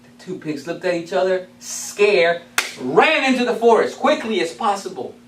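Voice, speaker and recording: A man tells a story to a club with animated, playful energy. His voice sits high and moves a lot. He is picked up from far off in an echoing meeting room with a faint hum. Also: moderate pace. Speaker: club speaker. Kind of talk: storytelling speech.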